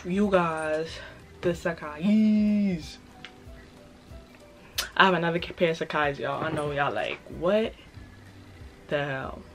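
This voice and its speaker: A young woman with a New York accent and a slightly raspy voice, hosting a casual haul video and hyping her purchases to viewers in a playful way. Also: low-pitched, slow pace, pauses often, fairly bright tone, faint music behind. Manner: playful, hyped, repeats phrases, talks straight to viewers. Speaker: fashion vlogger.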